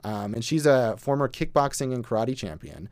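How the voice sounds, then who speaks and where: A man's voice: mid-range voice, animated, moderate pace, darkish tone, no echo. Male co-host reviewing movies, wry and rambling, dry close sound. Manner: wry, rambling, many fillers. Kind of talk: casual movie review chat.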